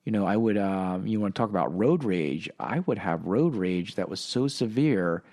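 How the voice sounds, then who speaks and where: A middle-aged man hosting a podcast, telling a personal story in a halting, reflective way with many fillers and restarts. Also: lowish voice, expressive, a little mellow. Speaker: podcast host.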